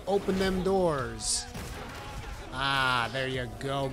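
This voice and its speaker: A man giving live gameplay commentary, with brash, profane trash talk at his teammates and sudden excited shouting. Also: on the high side, normal speed. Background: game music.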